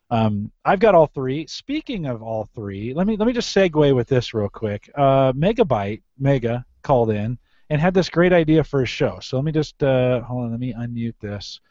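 A man's voice: medium pitch, expressive, a little fast, mellow, no echo. A man hosting a casual tech podcast, loose and jokey. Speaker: podcast host. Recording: dry lo-fi podcast mic.

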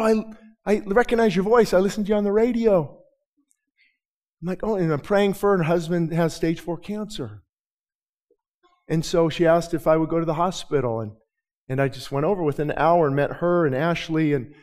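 In a balconied church, a male preacher with a fairly high-pitched voice delivers a sermon. He moves from quiet, hesitant storytelling to loud, fervent declarations heavy with repetition.

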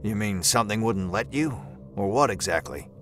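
A man's voice: lowish voice, lively intonation, normal speed, a bit bright, a little hiss or hum. A man narrating an audio drama in the first person, with a folksy old-timey drawl and a laid-back, wry manner.

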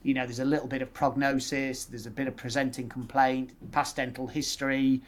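A man with a Yorkshire accent talks through his clinical approach in relaxed podcast conversation. He sets out options one after another in orderly lists, at a medium pitch. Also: a little fast. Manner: explanatory, lists options in steady sequences. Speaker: dentist guest.

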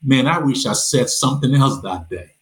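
A man's voice: medium pitch, lively intonation, normal speed, rough recording. A middle-aged man from Nigeria, telling his life story as an interview guest. He acts out the voices of the people he quotes and often repeats words as he talks.

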